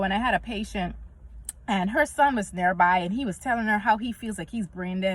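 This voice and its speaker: A woman's voice: medium pitch, animated, brisk. Earnest woman preaching to camera. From Bahamas. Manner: earnest and preachy, quotes scripture, acts out little dialogues. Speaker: vlogger. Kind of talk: casual faith-based talk to camera.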